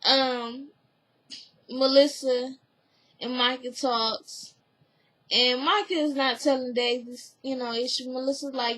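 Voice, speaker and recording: A woman's voice: sits high, fairly even intonation, takes it slowly, fairly bright tone, poor audio. A woman giving a casual spoken recap of a TV episode, rambling with lots of "like" and "you know", earnest and emotionally open. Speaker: TV recap vlogger.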